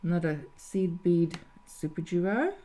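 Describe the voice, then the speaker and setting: A woman's voice: on the low side, slow, warm tone. A woman talking through a live beading tutorial step by step, thinking aloud as she works. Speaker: jewellery designer teaching beading.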